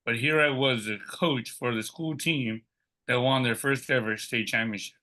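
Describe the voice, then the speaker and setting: A middle-aged man, a podcast guest, telling a personal story in a lively way and acting out the quoted dialogue. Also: medium pitch, normal speed.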